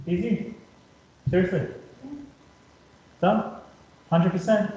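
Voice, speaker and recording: A man with a slightly high voice, teaching a maths class in an upbeat way. He keeps checking in with the students, and his voice rings around a bare, echoey room. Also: fairly even intonation, slow, mellow, highs cut off. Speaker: maths tutor. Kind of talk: whiteboard maths lesson.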